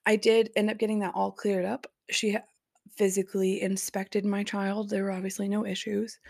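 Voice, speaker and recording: Gravelly-voiced woman telling a story. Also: mid-range voice, little pitch movement, normal speed, a little mellow, no echo, studio quality. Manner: chatty, peppered with "like", laughs in disbelief. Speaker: podcast host. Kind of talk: casual personal storytelling.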